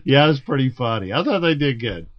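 Brief: male podcast host, mid pitch, giggly and halting, muffled lo-fi sound. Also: big pitch swings. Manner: laughs often, halting with restarts. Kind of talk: casual chat.

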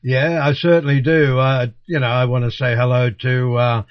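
An older male guest in casual chat, halting and searching for words. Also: mid-range voice, little pitch movement, muffled recording.

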